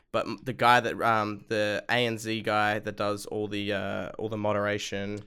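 A man co-hosting a podcast, talking in a rambling, halting way. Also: on the low side, completely flat delivery, sharp tone, clean tone. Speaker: podcast co-host. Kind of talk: casual podcast chat.

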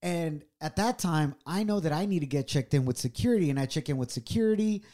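Mellow-voiced man telling a heartfelt story. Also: on the high side, lively intonation, brisk. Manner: earnest and reflective. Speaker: podcast co-host.

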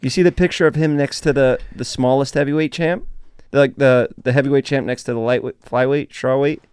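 A man talking casually as a podcast guest, telling animated stories and swearing freely. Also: medium pitch, brisk, smooth, no room sound, studio quality. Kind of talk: casual chat.

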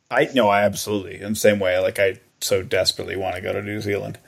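A man's voice: on the low side, fairly even intonation, fast, gravelly, few pauses, fairly bright tone. An American man co-hosting a podcast, chatting loosely and joking, with lots of fillers and restarts. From United States. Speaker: podcast co-host. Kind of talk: casual chat.

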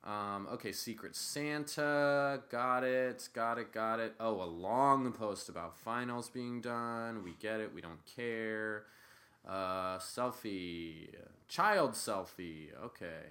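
A young man co-hosting a podcast, talking casually and sarcastically, jumping from loud bursts to low mutters. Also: takes it slowly. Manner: animated, sarcastic, swings from loud bursts to mumbling. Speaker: podcast co-host. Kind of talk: casual chat.

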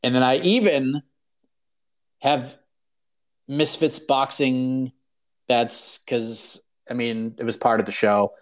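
A man's voice: medium pitch, slow, pauses often. A man hosting a show, chatting casually and rambling through his betting picks, laughing as he talks. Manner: relaxed, rambling, laughs while talking. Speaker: podcast host. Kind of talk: casual chat about fight betting.

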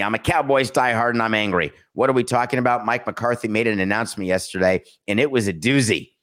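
A man's voice: low voice, a bit bright. A middle-aged man hosting a sports talk show, commenting casually with sarcastic, mocking asides. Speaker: sports talk podcast host.

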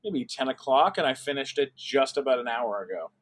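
A young adult man chatting casually as a podcast guest, rambling with lots of fillers and restarts and getting excited. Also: mid-range voice, a little fast. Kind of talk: casual chat.

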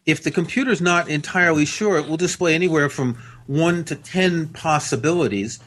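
A man's voice: fairly high pitch, moderate pace, fairly bright tone. A man with a General American accent, a guest patiently explaining things step by step in an interview. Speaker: guest expert.

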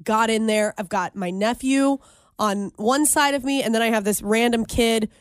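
Lively young woman telling a story. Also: on the high side, normal speed, no echo, clean studio sound. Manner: animated storyteller, laughs often. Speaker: radio co-host. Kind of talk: casual radio chat.

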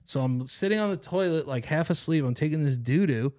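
A man's voice: a little high, animated, a little fast, darkish tone. A young man hosting a podcast, telling a long story in casual chat, rambling and profane with lots of slang. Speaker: podcast host.

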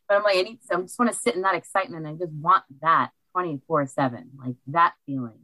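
Low-voiced female guest, bubbly chat on a cheap mic, dead-dry booth. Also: fast talker, hardly any pauses, dry recording, rough recording. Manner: bubbly, excitable. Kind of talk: casual chat. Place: library recording studio. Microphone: cheap desk microphone.

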